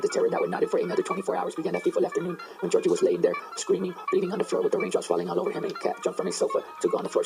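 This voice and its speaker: A man's voice: high voice, vocal fry. A man casually retelling a horror story, rambling with fillers and side remarks. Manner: rambling, digressive, with many fillers and asides. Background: guitar music.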